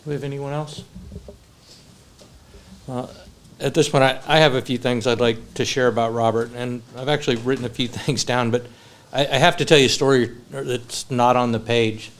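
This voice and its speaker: A man's voice: mid-range voice, fairly even intonation, moderate pace. A man giving a eulogy for a friend at a memorial service, telling funny stories and then speaking sincerely. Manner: storytelling, moving between humor and sincere tribute. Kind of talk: memorial speech with anecdotes. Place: funeral home service.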